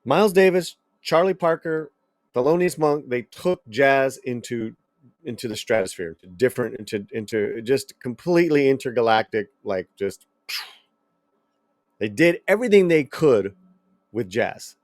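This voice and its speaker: A man hosting a commentary channel, reacting to a clip in a blunt, animated way, swearing and repeating himself. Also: medium pitch, moderate pace, no echo.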